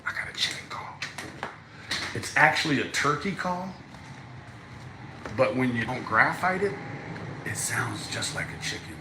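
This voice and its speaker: A man chatting casually with viewers on a livestream, animated and joking, swearing and laughing often. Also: medium pitch, unhurried, pauses often, noisy background. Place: outdoors in a backyard.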